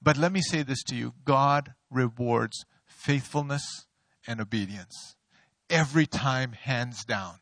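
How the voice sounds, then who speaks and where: A middle-aged man preaching a sermon, an animated storyteller who mocks himself and laughs often. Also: medium pitch, slow, no echo. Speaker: pastor. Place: church sanctuary.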